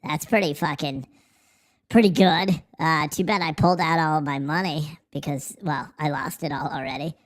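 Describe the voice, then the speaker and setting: Profane sarcastic streamer, voice-changed. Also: male voice, a little high, fairly even intonation, moderate pace. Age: adult, married. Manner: profane, sarcastic, rambling rants. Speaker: livestream host. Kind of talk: casual livestream chat.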